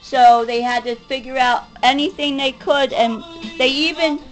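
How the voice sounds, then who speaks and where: A woman's voice: high voice, fairly even intonation, a little slow, music in the background, rough recording. A woman in her forties venting in an angry, rambling, profane monologue. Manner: furious, profane, rambling rant. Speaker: vlogger.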